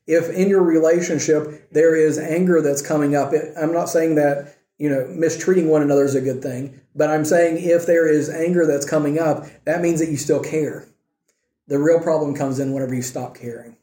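A man's voice: on the high side, dark tone, roomy sound. A man teaching a church class on marriage, often asking the class questions and checking in with "okay" and "right". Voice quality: says he has trouble with R's.

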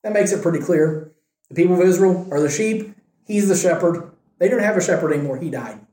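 Man, informal bible teaching, raised voice, mellow tone, roomy echo. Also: sits high, animated, fairly quick. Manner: retells scripture in everyday speech, often asks "right?". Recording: echoey room.

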